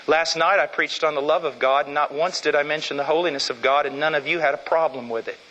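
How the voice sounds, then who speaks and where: A middle-aged man delivers a sermon with emphatic force, dropping into hushed intensity before rising again. His voice sits high and sounds bright and sharp. The sound carries a long, ringing church reverb. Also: steady tone, fast, muffled recording. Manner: emphatic, dramatic swings between loud and hushed. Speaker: preacher. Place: church sanctuary.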